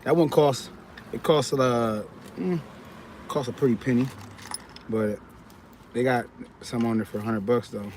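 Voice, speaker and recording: A man's voice: medium pitch, measured pace, pauses often, darkish tone, a little hiss or hum. A man from the United States hosting a casual livestream, loose and joking with his viewers, a little tired. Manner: loose and joking, slangy, answers chat comments. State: tired, yawning. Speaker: livestream host. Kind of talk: casual live-stream chat with viewers.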